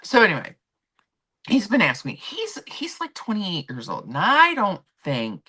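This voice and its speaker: A woman hosting a livestream, chatting casually and telling an animated story from work, acting out the people in it. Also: mid-range voice, moderate pace, husky. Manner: animated storytelling with quoted voices; rambling with restarts and asides to chat. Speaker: livestream host. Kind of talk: casual chat. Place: home.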